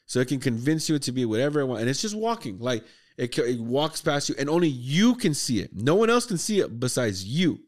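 Male podcast host, mid-pitched, excitable and profane, rambling storyteller. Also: a little fast, hardly any pauses. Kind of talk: casual movie review chat.

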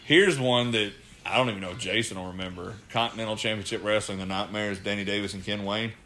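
A man's voice: fairly low pitch, quick pace, very noisy. A man, co-hosting a casual podcast chat, telling profane stories and acting out what people said. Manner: profane, storytelling with voiced quotes. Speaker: podcast co-host, former wrestler.

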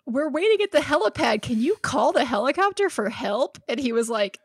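A woman's voice: high voice, very animated, a little fast, husky, no room sound, studio quality. A young woman co-hosting a casual gaming podcast, telling stories animatedly with lots of "like" and laughter. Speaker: podcast co-host.

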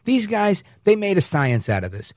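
A man's voice: high-pitched, big pitch swings, normal speed, dry recording, clean studio sound. A middle-aged man hosting a political talk radio show, speaking emphatically and telling stories, acting out quotes as he goes. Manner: emphatic, storytelling, acts out quotes. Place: radio studio.

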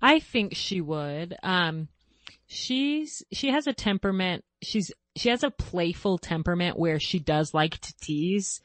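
A woman's voice: on the low side, expressive, measured pace, no room sound. A woman hosting a podcast, telling a story about her own children in a chatty way and laughing easily. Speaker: podcast host and parent. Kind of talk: casual conversation.

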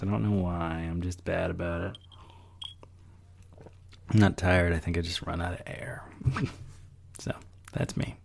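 A man with a low, very gravelly voice talks casually on his solo podcast. His tone is dark and mellow, and his speech wanders and reflects, with sighs and easy laughs. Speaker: podcast host.

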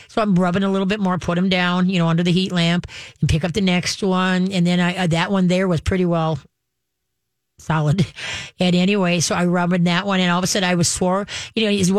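In a studio-quality recording free of echo, a woman with a lowish voice rambles through a lengthy story in casual talk, full of fillers and restarts.

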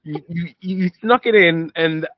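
A man's voice: a little high, a little slow, no room sound, highs cut off. A man co-hosting a casual movie podcast, laughing often and making jokey asides. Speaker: podcast co-host.

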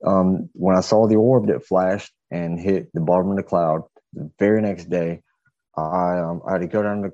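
A man's voice: low voice, fairly even intonation, normal speed, dark tone, no room sound, muffled recording. A man guesting on a podcast, telling a strange personal story in a rambling, hesitant way, full of fillers and restarts. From southeastern United States. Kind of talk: casual storytelling.

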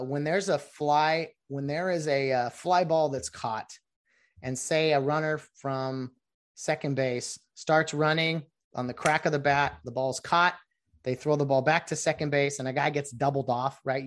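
A middle-aged man hosting a solo podcast, explaining rules in a chatty, rambling way with many fillers. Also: on the high side. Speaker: podcast host. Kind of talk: casual solo podcast talk.

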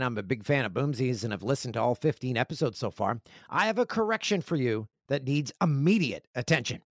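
Animated, joking man hosting a podcast. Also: medium pitch, no echo, studio quality. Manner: joking, animated storytelling with self-deprecating asides. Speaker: podcast host. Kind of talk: casual podcast monologue, reading listener mail.

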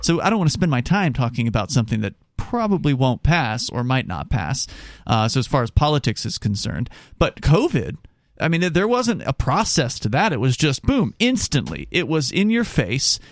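A man's voice: medium pitch, very animated, moderate pace, no room sound, studio quality. A man hosting a talk radio show, chatting in a conversational way and often tagging on "right?".

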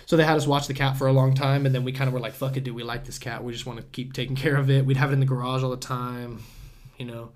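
A young man appears as a guest on a laid-back podcast, talking fast in a mid-pitched, everyday voice. He rambles, circles back, puts "dude" and "bro" into most sentences and swears without a second thought, like he's telling a friend a story.

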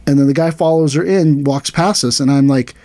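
A man's voice: on the high side, a little fast, no room sound. A man hosting a podcast, telling a story in a casual way and acting out the dialogue with a livelier voice. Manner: animated, acts out quoted dialogue in a raised voice. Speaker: podcast host, aikido teacher.

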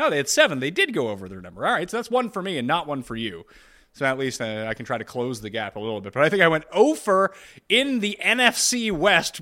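A man's voice: a little high, pushed and bright. A man hosting a casual sports betting podcast, teasing his co-hosts and asking them questions. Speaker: podcast host.

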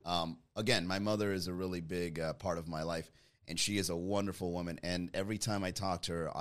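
A man's voice: on the low side, pushed and bright. Jokey, rambling male streamer. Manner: jokey, rambling, laughs often. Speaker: streamer commenting on news. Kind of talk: casual comedic commentary.

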